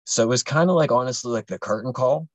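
A young man spins a long, rambling story, full of swearing and filler words. His voice sits at an ordinary pitch for a man. The sound is dry and close, with no room echo. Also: fast. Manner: rambling, profane, many fillers. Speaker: podcast host. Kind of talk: casual storytelling.

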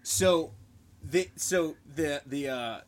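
A man telling a profane, animated story in casual chat. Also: a little high, takes it slowly.

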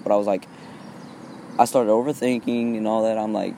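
A man's voice: fairly low pitch, steady tone, fairly quick, creaky, pauses often, mellow, slight background noise. Rambling, hesitant teenage boy podcaster. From Texas. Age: teens. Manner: hesitant, repeats fillers often. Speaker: solo podcaster. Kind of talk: rambling casual monologue. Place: outdoors in wind.

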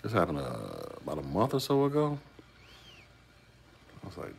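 Deep-voiced male YouTube host, casual chat, rhetorical and conversational. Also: huge pitch swings, normal speed, vocal fry, long pauses, darkish tone, slight background noise. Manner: conversational, rhetorical questions to a commenter. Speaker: YouTube commentator.

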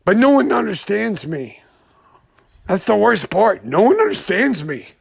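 A man's voice: high voice, sing-song, unhurried, vocal fry, husky. A man hosting his own podcast, talking off the cuff in a rambling monologue, upset and full of restarts. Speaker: podcast host. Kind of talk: unscripted personal monologue.

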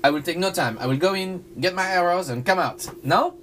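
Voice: medium pitch, a little fast, a bit bright, a little hiss or hum. A player speaking in character in a playful, stilted, formal way. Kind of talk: in-character tabletop role-play.

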